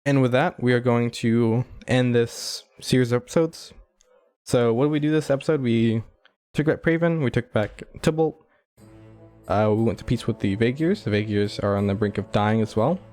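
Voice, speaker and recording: Faint music sits behind this gameplay commentator, whose medium-pitched, slightly mellow voice moves at normal speed. He rambles casually over his own playthrough, using "like" constantly and chuckling in asides.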